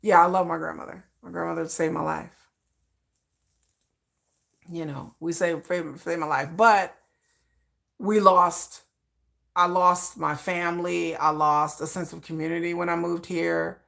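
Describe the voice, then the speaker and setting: A woman's voice: fairly low pitch, level tone, unhurried, creaky, pauses often, a bit bright. A middle-aged woman from Michigan with a slight Texan tinge, talking frankly in an interview and often repeating herself and restarting. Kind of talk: candid personal talk.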